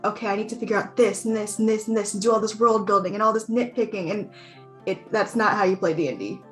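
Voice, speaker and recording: A woman's voice: mid-range voice, fast, soft background music. Woman player, thoughtful, self-deprecating, casual. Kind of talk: casual chat about tabletop gaming.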